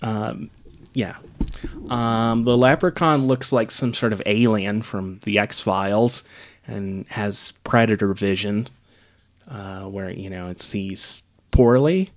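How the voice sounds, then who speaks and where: A man's voice: fairly low pitch, slow. A man on a casual podcast, recapping a film in a sarcastic, rambling way with lots of ums. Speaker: podcast co-host reviewing a film. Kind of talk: casual chat.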